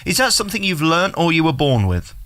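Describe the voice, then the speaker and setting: Chatty radio host, bright voice. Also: male voice, a little high, very animated, fast talker. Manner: chatty, effusive, leading questions. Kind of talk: radio interview.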